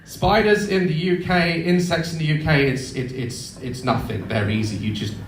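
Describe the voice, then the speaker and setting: A man in his thirties telling sweary, animated comic stories to a live audience in a theatre. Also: on the high side, moderate pace. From United Kingdom. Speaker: YouTuber on stage. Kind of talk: live comedy storytelling. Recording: echoey hall with crowd noise.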